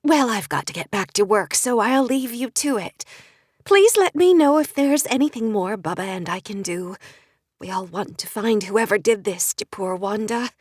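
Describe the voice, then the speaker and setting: In a storybook reading, a friendly small-town woman speaks in a brisk, helpful way, as a woman reads her lines. Her pitch moves freely, recorded dry and close. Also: lively intonation, no room sound, lightly acted.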